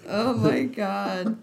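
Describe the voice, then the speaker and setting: On a podcast she co-hosts, a woman reads romance excerpts, giggling constantly and interrupting herself with laughter and asides. Her voice is medium-pitched, creaky, and a little mellow.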